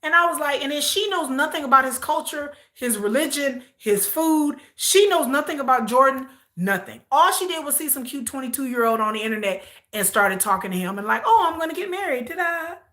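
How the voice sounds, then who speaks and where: Bright-voiced American woman ranting. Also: high voice, brisk, hardly any pauses. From United States. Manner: outspoken, incredulous ranting with mocking mimicry. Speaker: live-stream host reacting to a reality show. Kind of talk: casual livestream commentary.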